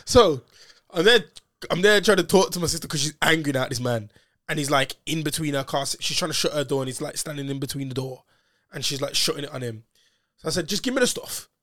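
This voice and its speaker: A man's voice: on the high side, fast, fairly bright tone, no echo, clean studio sound. A man telling a story in casual chat, full of slang and swearing and acting out what other people said.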